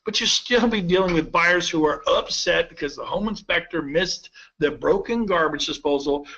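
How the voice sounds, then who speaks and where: A man in his fifties giving a persuasive sales pitch to real estate agents, telling stories with quoted dialogue. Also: sharp tone, highs cut off. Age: 50s.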